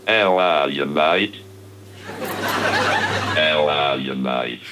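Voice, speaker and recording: Brief: a slurred robot-like speech machine, very deep and gravelly, slow drawl, noisy old clip. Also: male voice, animated, full character voice. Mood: slurring. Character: crude male speech machine, slurred and slovenly.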